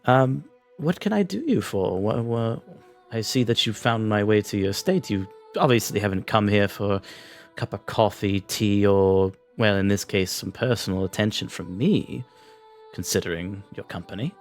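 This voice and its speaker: A man voicing a poised noblewoman with an English accent, polite and smoothly hospitable. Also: fairly low pitch, normal speed, soft background music, close to an everyday voice. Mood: welcoming. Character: poised noblewoman, gracious but guarded.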